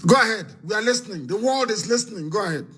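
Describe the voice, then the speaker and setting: A man hosting a live call-in broadcast, speaking in an impassioned, rousing way that often swells into shouting. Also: sits high, expressive, fast talker. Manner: impassioned, rousing, scornful, raises his voice to shouts. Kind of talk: fiery live address and call-in.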